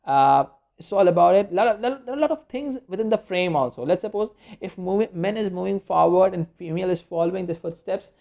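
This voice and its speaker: A man's voice: high voice, lively intonation, a little fast, gravelly. A man teaching a media studies lecture in a loose, rambling way, full of fillers and restarts. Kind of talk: informal recorded lecture. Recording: dull lo-fi recording.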